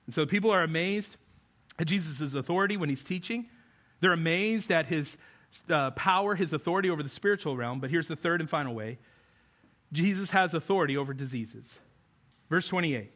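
High-voiced male pastor preaching. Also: expressive, brisk, a bit bright. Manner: conversational, asks the audience questions. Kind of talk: sermon.

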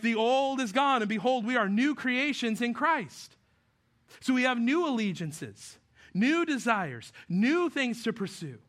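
A man's voice: very high-pitched, fairly bright tone. A man in his forties, originally from New Mexico, preaching a casual, conversational sermon with jokes, often acting out the voices he quotes. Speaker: pastor.

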